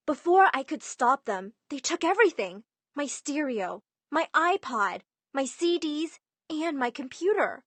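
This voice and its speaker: A young woman narrating an animated story in a lively, emphatic way. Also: a little high, a little slow, dry recording.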